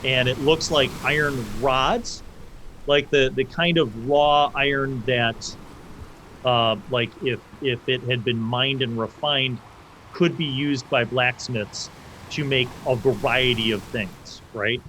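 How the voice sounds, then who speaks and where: A man's voice: mid-range voice, steady tone, bright, forceful tone, poor audio. Laid-back male game master. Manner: loose, casual, halting with fillers. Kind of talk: narrating a tabletop game. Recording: faint background noise.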